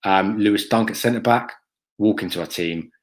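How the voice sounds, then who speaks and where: Reading out live chat on his fan channel, this adult father of a school-age son answers in a blunt, sweary way, peppered with ums and "mate." He speaks fairly low at a normal speed.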